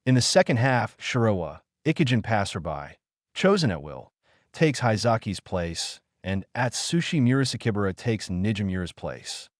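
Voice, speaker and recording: A man's voice: fairly low pitch, very animated, normal speed, no room sound, studio quality. A man voicing a shrewd, laid-back male basketball coach who talks in an easygoing, knowing way. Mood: amused.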